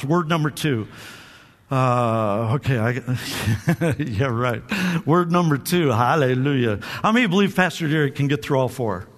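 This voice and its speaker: High-voiced preaching man in a reverberant hall. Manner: energetic preaching with call-and-response to congregation; repeats words and restarts often. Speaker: pastor. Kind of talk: sermon. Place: church sanctuary.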